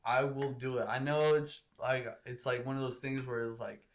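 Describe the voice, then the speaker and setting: A man's voice: mid-range voice, steady tone, moderate pace, a little hiss or hum. A man from Southern California, a guest on a podcast, talking in an earnest, laid-back, slangy way. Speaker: guest skateboarder. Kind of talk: casual podcast chat.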